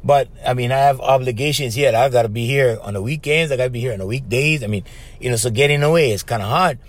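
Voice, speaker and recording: A man's voice: mid-range voice, fast. A middle-aged man from Hawaii with a Hawaiian Pidgin-tinged accent, hosting a casual solo podcast and telling stories loosely, calling the listener bro. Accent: Hawaiian Pidgin-tinged English. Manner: loose storytelling, calls listener bro, asks right?. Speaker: podcast host.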